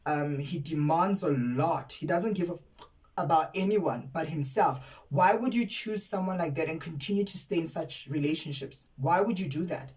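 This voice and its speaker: Heard on poor audio from far off the mic, a South African woman speaks in a low, slightly mellow voice at a moderate pace. She is a content creator giving a frank, indignant, casual review of a TV series, hammering points home by repeating words.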